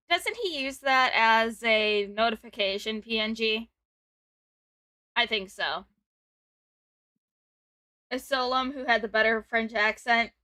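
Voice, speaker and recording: With a fairly high, pushed and bright voice on a dry recording, this woman in her 20s hosts a relaxed stream. She reads out messages from chat, giggles a lot, and tends to talk over her guest.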